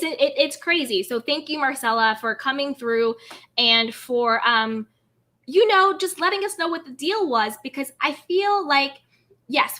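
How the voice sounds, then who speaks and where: A woman hosts a casual livestream, her voice high and bright. She talks in an animated, gossipy way and keeps calling out greetings to viewers by name. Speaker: host. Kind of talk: livestream chat.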